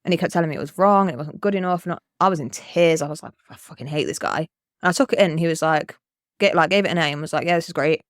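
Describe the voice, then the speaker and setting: A podcast co-host in casual chat, telling stories in a sweary, animated way and acting out the quotes. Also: mid-range voice, racing, no echo, studio quality.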